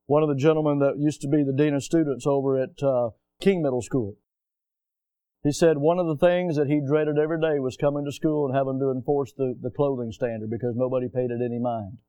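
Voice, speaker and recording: A man preaching a sermon, reading scripture aloud and asking his congregation questions, swinging between quiet asides and loud emphatic rises. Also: medium pitch, steady tone, a little fast, smooth, no room sound. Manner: reads scripture aloud in old-fashioned wording. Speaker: pastor.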